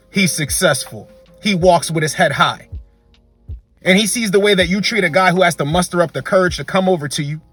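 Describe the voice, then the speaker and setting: A man's voice: high-pitched, pushed and bright. A man hosting a dating commentary video, delivering an emphatic, lecturing monologue that repeats its points. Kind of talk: opinionated monologue.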